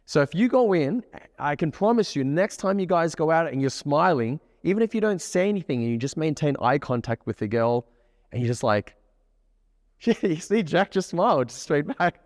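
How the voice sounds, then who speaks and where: A man coaching a live group of students, keeping the session energetic and often checking that the room follows him. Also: fairly high pitch, brisk, dry recording, clean studio sound, in a large hall. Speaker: dating coach. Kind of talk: live workshop teaching to a group. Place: room with a live audience, on stage.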